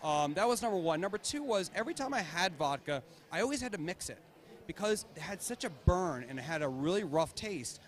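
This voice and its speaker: A man's voice: sits high, big pitch swings, brisk. A man founding a vodka brand, talking casually in an interview and laughing often. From United States. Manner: enthusiastic, laughs often, repeats words.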